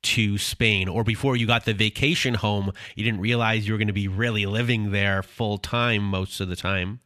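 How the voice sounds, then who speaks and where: A man hosting an interview podcast, recapping the guest's story in a measured way before asking his questions. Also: fairly low pitch, steady tone, sharp tone, no room sound, studio quality.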